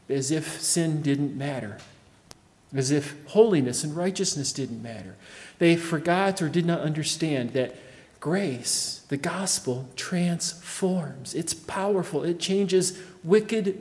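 A man preaching a sermon as pastor, emphatic, swinging from loud declarations to quiet, low phrases. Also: long reverb tail.

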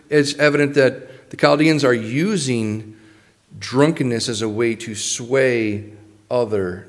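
A man's voice: mid-range voice, in a large hall. A man leading a Bible study, reading scripture passages aloud and then explaining them in a plain, casual way with fillers. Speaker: Bible teacher.

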